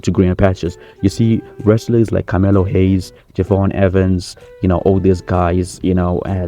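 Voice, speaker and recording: A man's voice: sits low, warm tone. Man doing a cocky rambling wrestling star. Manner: cocky, rambling, self-praising. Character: boastful male wrestling-star impression holding a press conference. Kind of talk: comedy sketch.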